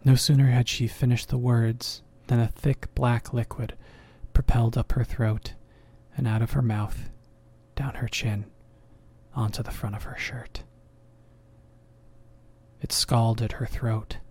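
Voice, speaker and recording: Slow, measured male horror narrator. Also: medium pitch, little pitch movement, a little mellow, slightly rough. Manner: slow, measured, dropping to whispers.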